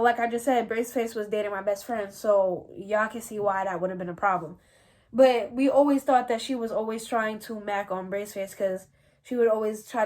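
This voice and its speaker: A young woman, casually telling a story to her viewers in a slangy, animated way and often calling out to them as y'all. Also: on the high side. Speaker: vlogger.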